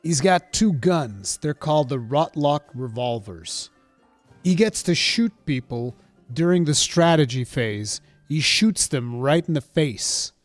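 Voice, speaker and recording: A man streaming from home, chatting casually with a rambling, profane, mock-indignant manner that swings from mumbles to loud outbursts. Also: on the high side, lively intonation, a little slow, no echo, faint music behind. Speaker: streamer reacting to a game showcase. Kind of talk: casual livestream chat.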